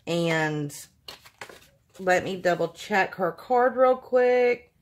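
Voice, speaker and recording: A woman's voice: on the low side, lively intonation, extremely slow, slight background noise. A woman hosting a casual craft unboxing vlog, gushing and exclaiming over everything she opens. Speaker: craft channel host.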